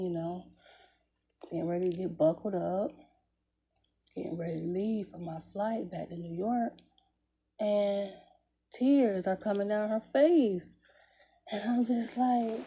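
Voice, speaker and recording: A woman's voice: medium pitch, warm tone, breathy edge. A woman, telling a personal story in a candid, conversational way, swearing freely and chuckling between phrases. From Jacksonville, Florida, US. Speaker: vlogger.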